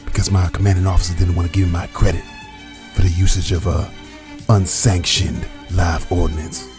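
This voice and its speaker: A man voicing a grim, boastful veteran army sergeant in a comedy sketch, talking gruffly and slowly. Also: low voice, little pitch movement, music in the background, lightly acted. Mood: grim boasting. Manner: gruff, slow, deliberate war stories.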